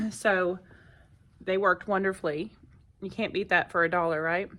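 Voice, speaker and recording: A woman's voice: medium pitch, unhurried, a bit bright. A woman, a first grade teacher chatting casually to her phone camera in her classroom, with lots of fillers and asides. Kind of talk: casual vlog chat.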